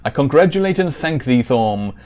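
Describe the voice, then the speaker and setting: A man's voice: mid-range voice, very animated, normal speed, darkish tone, natural voice. A man voicing a solemn, grateful king from a video game, speaking in formal, archaic words. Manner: formal, archaic, stately delivery.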